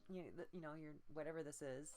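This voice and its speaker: A woman's voice: sits low, fairly even intonation, quick pace, dark tone. A woman voice coach giving a streamed voice-training lesson in a subdued, patient way. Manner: subdued, patient instruction broken by demonstrated croaks and pinched tones. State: low energy.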